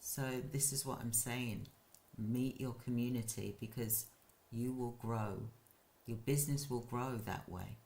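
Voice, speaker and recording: A man who runs a care business, hosting a live stream and giving casual advice in a slow, halting way with frequent restarts. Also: medium pitch, steady tone, creaky, a little mellow.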